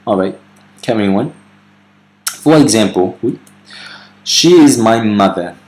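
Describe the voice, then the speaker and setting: Low-voiced man, casual video grammar tutor, some ums, reads out foreign example sentences. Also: takes it slowly. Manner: relaxed, with fillers and self-corrections. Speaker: language teacher.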